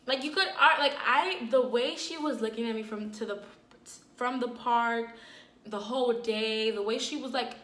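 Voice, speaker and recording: A woman telling a personal story in a casual, animated vlog, full of fillers and dramatic retelling. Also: on the high side, echoey room. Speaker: storyteller, vlogger.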